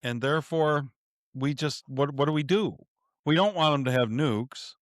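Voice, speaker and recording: A man's voice: fairly high pitch, no echo. A man hosting a podcast from his home studio, talking casually about politics, stumbling and repeating words as he thinks aloud. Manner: halting, repeats words, chuckles often. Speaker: podcast host.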